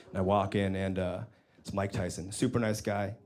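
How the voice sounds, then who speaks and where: A man's voice: low voice, brisk. A man doing a stand-up set on a club stage, telling a story with lots of swearing and laughter behind him. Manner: animated storytelling, acts out voices, swears freely. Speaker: stand-up comedian. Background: audience laughter.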